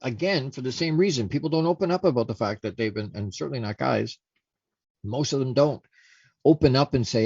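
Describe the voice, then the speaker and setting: A man's voice: medium pitch, fairly quick, a little mellow, breathy edge, no room sound, lo-fi sound. Earnest man hosting a talk show. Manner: earnest, repeats himself, restarts sentences. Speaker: host. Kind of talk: casual solo talk show monologue.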